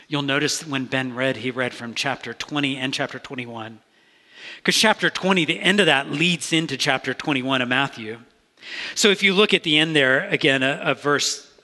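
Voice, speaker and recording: A man's voice: medium pitch, sharp tone. A man preaching a sermon as pastor, talking in an earnest, conversational way with frequent restarts. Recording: long reverb of a large hall.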